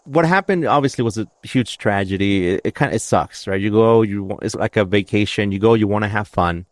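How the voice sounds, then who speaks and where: Low-voiced man, rambling and joking. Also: fairly quick, no room sound. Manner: rambling, joking, trails off mid-sentence. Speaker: podcast co-host. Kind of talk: casual conversation.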